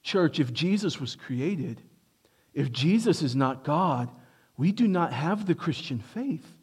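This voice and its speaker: A male pastor preaching a sermon, emphatic, rising to stress key points and dropping low and quiet for asides. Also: animated, slow pace, breathy edge.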